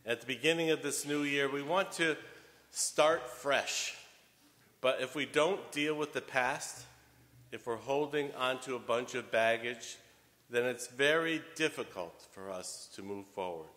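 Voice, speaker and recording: A man preaching a sermon as homilist, telling a story in a deliberate way with wide swings in loudness. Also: medium pitch. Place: church. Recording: long church reverb.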